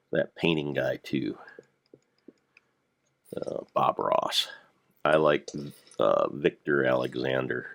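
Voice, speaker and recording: An older man with a gravelly voice, rambling through casual gameplay commentary with dry dad jokes. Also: a bass voice. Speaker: Minecraft let's player.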